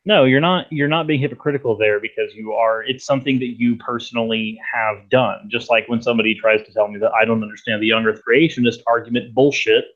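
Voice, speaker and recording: A man's voice: mid-range voice, steady tone, quick pace, few pauses, dull audio. A man as a guest in a casual debate, speaking bluntly and emphatically.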